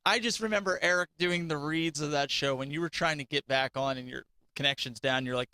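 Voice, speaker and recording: A man's voice: on the high side, a little fast, hardly any pauses, sharp tone, dry recording. A male podcast co-host and father of two, chatting casually and laughing easily as he tells stories. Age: adult father of two.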